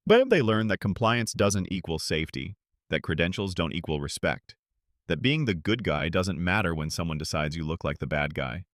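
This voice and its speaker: A man's voice: low voice, animated, normal speed, no echo, clean studio sound. A man giving scripted dramatic narration in a grave, emphatic manner.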